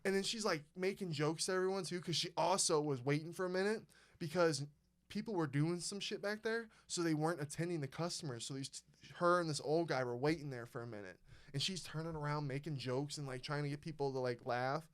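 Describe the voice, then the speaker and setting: A young man hosting a podcast, telling a story in casual chat, animated and profane, acting out the people he quotes. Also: a little high, fairly quick. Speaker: podcast host.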